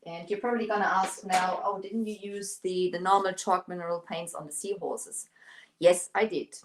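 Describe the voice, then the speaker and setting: A woman's voice: lowish voice, fairly even intonation, normal speed. A middle-aged woman from Germany, a native German speaker, chatting casually on a live stream while demonstrating furniture painting, with lots of fillers and restarts. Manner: chatty, hesitant with many fillers, greets viewers.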